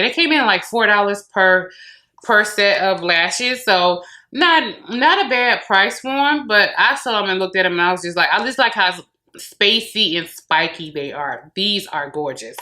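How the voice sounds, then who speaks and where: A woman's voice: mid-range voice, pushed and bright. An American woman chatting casually to her viewers while reviewing beauty and hair products at home. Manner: chatty, talks straight to viewers. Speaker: beauty vlogger. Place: home room with closet behind.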